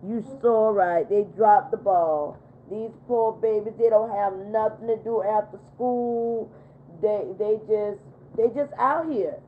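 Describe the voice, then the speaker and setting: A woman's voice: medium pitch, slow, a little hiss or hum. Indignant grandmother on a tinny livestream. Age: older. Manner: animated, indignant storytelling with lots of emphasis. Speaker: livestream host. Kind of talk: casual livestream chat reading viewer comments. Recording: tinny phone-like audio.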